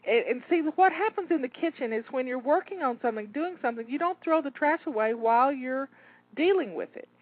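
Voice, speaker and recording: A woman with a high-sitting voice and lively intonation talks a little fast as she coaches listeners through a timed kitchen cleanup. The home organizing coach is encouraging and slightly out of breath, and her tinny, phone-like audio carries no room sound.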